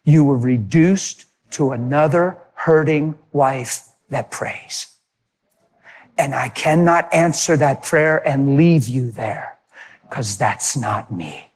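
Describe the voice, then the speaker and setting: A man voicing God as a gentle, tender spirit, speaking slowly and softly. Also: mid-range voice, pitched below the performer's own voice. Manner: slow, soft, tender speech.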